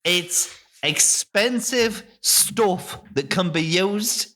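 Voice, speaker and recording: A bawdy Irish farmer, as a man puts him on in a comic improv, holding forth with slow, emphatic nonsense. The voice sits a little higher than an everyday man's and comes across bright and forward. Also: full character voice. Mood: mock-earnest. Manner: drawn-out, emphatic pronouncements. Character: bawdy rural farmer, confidently spouting nonsense. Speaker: improv character.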